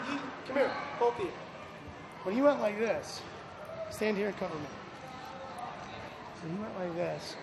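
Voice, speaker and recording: A man coaching lacrosse players at practice, energetically calling out praise and instructions. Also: sits high. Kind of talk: on-field coaching. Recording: noisy field recording.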